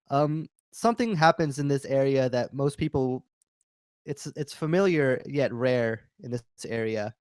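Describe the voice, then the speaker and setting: A man's voice: medium pitch, darkish tone, no room sound. A man playing a tabletop game, describing his character's spell and actions in a meandering way with filler words. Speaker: player.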